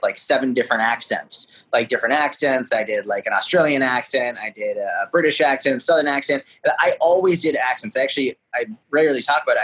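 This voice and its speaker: A young man, a fitness coach answering podcast questions in a candid, animated way. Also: medium pitch, husky, rough recording. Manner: candid, animated storytelling with asides. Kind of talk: casual interview answers.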